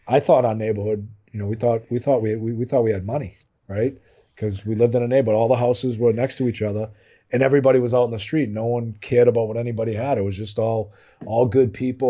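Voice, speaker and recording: A man's voice: medium pitch, fairly even intonation, fairly quick, dark tone. Swearing man telling stories. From Medford and Malden, Massachusetts. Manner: profane, rambling storyteller who keeps adding "right?". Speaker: podcast host. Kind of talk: casual storytelling among friends.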